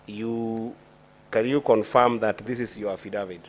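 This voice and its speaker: A man with a Kenyan accent, a senator questioning a witness at a formal hearing, speaking deliberately with many fillers and restarts in a senate chamber. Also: fairly low pitch, steady tone, slight background noise.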